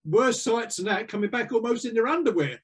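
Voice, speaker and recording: A man's voice: extremely high pitch, lively intonation, a little fast, slightly rough, pitched above the performer's own voice, heavily acted. A man doing a wry naval officer. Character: dry, amused male naval officer.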